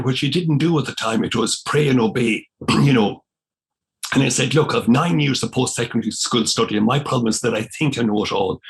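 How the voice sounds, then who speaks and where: Older Irish guest, gravel in the voice, spirited podcast storyteller who voices the people in his tales. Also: medium pitch. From Ireland. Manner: animated storyteller, acts out quoted dialogue. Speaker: podcast guest, former missionary priest. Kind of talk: storytelling in conversation.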